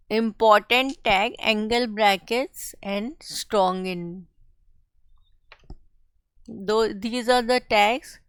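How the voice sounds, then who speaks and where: A woman teaching a coding tutorial, explaining each step slowly and carefully. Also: a little high, fairly bright tone, smooth, dry recording. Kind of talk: screen-share coding tutorial.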